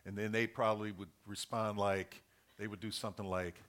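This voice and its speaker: A man's voice: on the low side, level tone, brisk, a bit bright. Earnest man preaching a sermon. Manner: earnest, repeats key points, numbered list.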